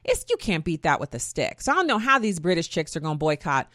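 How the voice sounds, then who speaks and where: A woman's voice: deep voice, sing-song, quick pace, bright, forceful tone, no room sound, clean studio sound. A woman hosting her own talk show, chatty and folksy, often wandering off on tangents. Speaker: podcast host. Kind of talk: casual opinion talk.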